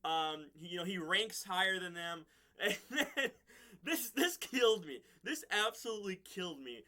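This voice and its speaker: High, sharp-voiced man rambling a review. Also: animated, moderate pace. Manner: rambling, chuckles often between points. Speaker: TV episode reviewer. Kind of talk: casual episode review.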